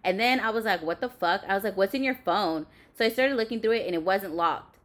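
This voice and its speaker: A woman's voice: medium pitch, brisk, fairly bright tone. A young woman telling a personal story bluntly, with lots of swearing and fillers. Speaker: podcast host. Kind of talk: candid storytelling chat.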